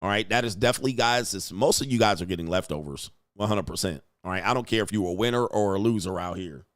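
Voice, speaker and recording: A man's voice: lowish voice, quick pace, no echo. A young adult man, a dating coach, hosts a casual livestream, reading out viewer donations and commenting in a blunt, slangy, profane way.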